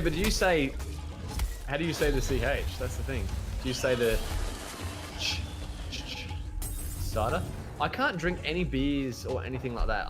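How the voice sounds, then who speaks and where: A young Australian man chatting casually with his viewers while he streams a game, rambling and correcting himself as he goes. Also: mid-range voice. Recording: game music playing behind.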